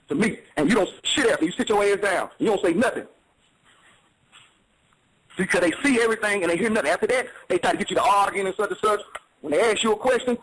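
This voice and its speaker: A man's voice: high voice, quick pace, a bit bright, a little hiss or hum, low-quality recording. A man explaining in casual, streetwise talk, emphatic and repetitive, often checking that the listener follows. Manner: streetwise, emphatic, repeats "you see what I'm saying".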